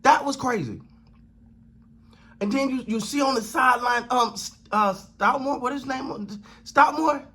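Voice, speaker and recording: A man's voice: extremely high pitch, measured pace, pushed and bright. A man hosting a sports channel, giving a casual, emphatic reaction rant, repeating phrases and using slang. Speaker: sports commentary host.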